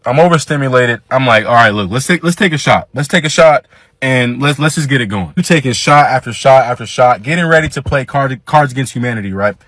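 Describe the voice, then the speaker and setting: A man telling a profane, animated party story in casual slang, quoting people in his own voice. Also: mid-range voice, brisk, dry recording. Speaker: storyteller guest.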